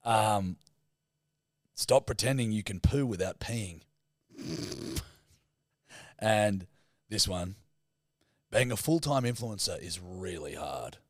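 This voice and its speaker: A blunt, teasing man trading jokes with his co-host and swearing freely. His voice sits on the low side. The sound is close and dry, on a studio mic. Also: animated, slow, long pauses, no room sound. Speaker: podcast co-host. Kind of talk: casual comedic banter.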